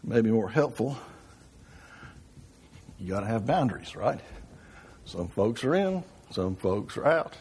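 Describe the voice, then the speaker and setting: A man's voice: fairly low pitch, big pitch swings, slow, long pauses, darkish tone, a little hiss or hum. A man teaching an informal church Bible class, often asking the room questions and checking in with "right?". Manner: conversational, asks the class questions with frequent "right?".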